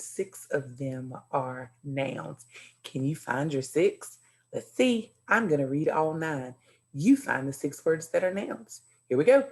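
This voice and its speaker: A woman's voice: sits low, darkish tone. Cheerful woman teaching young kids. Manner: cheerful, encouraging, talks slowly and clearly to young children. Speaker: second grade teacher. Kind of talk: recorded virtual classroom lesson.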